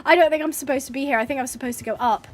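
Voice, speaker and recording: Giggly high-voiced woman streamer. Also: rapid-fire. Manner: chatty, giggly, rambling. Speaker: gaming streamer. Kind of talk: casual chat while playing.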